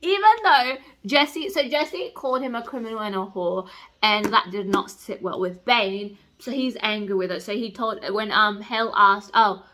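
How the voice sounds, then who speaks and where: A young woman talking about a book in a casual vlog. She is excitable, swears freely and says "like" a lot. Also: mid-range voice, moderate pace. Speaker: book vlogger. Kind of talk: casual reading vlog chat.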